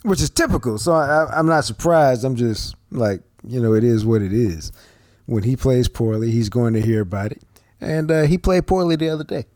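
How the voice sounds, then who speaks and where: A man's voice: mid-range voice, normal speed, darkish tone, no echo, studio quality. A man co-hosting a sports podcast, talking bluntly and emphatically with plenty of slang. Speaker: podcast co-host. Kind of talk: casual sports talk and ad reads.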